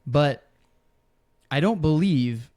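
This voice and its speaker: A man's voice: on the high side, animated, takes it slowly, warm tone. Man, podcast host, casual, storytelling, loose fillers. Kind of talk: casual wrestling podcast chat.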